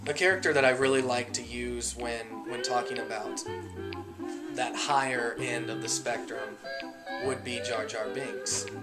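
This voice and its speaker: A man explaining how he does voice impressions in a documentary narration, relaxed and full of pauses. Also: medium pitch. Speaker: amateur impressionist. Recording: documentary draft with music behind.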